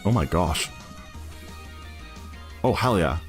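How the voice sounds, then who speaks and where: A man's voice: sits low, lively intonation, takes it slowly, soft background music. A British man chatting casually with his live-stream chat while speedrunning a game. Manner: chatty, apologetic, reads chat aloud.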